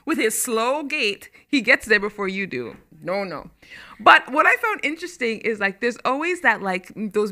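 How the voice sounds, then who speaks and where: A woman host talking casually to camera in a studio. Her bright, forward voice swings widely in pitch. She laughs between points and hits words hard for effect. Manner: chatty, laughing asides, stresses words for effect. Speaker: talk show host.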